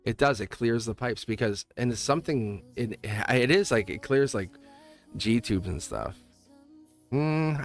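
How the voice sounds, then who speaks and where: A man's voice: medium pitch, animated, a little slow. A man hosting a tarot livestream in a rambling, casual way, chuckling often and restarting his sentences. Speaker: tarot reader and livestream host. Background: faint music.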